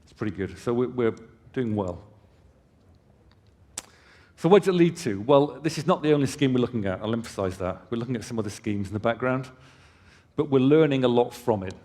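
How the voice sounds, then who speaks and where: On a conference hall stage, a man presents for his company in a medium-pitched, slightly mellow voice with lively intonation and a brisk pace. He explains conversationally with casual asides to the audience, and a long hall reverb lingers on the recording.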